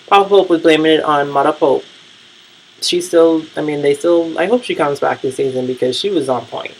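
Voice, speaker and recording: Gravelly, blunt TV-recap vlogger. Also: mid-range voice, slight background noise, rough recording. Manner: blunt, profane and rambling, with frequent fillers. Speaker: vlogger reviewing TV shows. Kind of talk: casual TV recap rant.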